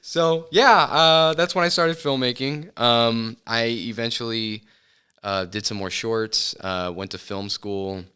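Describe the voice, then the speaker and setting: A middle-aged man talking as a podcast interview guest, thoughtful and halting, with frequent fillers and restarts. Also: medium pitch, sharp tone, smooth. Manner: reflective, hesitant with many fillers and restarts. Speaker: filmmaker guest. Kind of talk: casual interview chat. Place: podcast studio.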